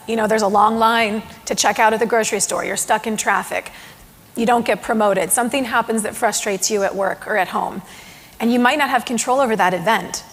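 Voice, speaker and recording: A woman giving a conference keynote on mindfulness to a live audience in a large hall, telling stories with lively acted-out quotes. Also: medium pitch, gravelly, breathy edge. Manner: animated storytelling with acted quotes. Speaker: mindfulness speaker. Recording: long hall reverb.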